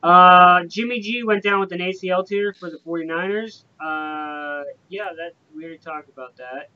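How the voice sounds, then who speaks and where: A man's voice: normal speed, bright, forceful tone, clear, resonant tone. A man hosting a casual sports podcast, rambling with lots of fillers and swearing. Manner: profane, rambling, filler-heavy. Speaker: podcast host. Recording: dull lo-fi with faint rumble.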